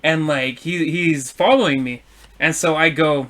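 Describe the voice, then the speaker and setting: Profane, animated man telling stories. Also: a little high, normal speed. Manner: profane, animated storytelling, shouts quoted insults. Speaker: podcast co-host. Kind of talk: casual storytelling chat.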